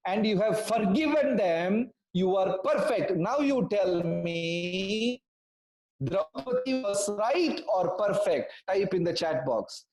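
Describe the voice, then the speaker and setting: A man telling a story in an online class for children, animated and asking the class questions. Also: sits high, roomy sound, poor audio. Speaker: storytelling teacher.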